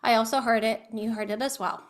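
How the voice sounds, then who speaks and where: A woman's voice: on the high side, fairly even intonation, quick pace. A woman speech-language pathologist giving an online educational presentation over a video call. She patiently coaches listeners through voice exercises.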